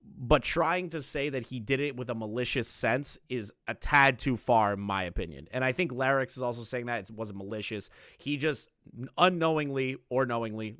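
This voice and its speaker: A man giving casual, profane commentary on clips, blunt and quick to laugh. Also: medium pitch, a bit bright, dry recording, studio quality. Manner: blunt, swearing, laughs often. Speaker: commentary streamer reacting to clips.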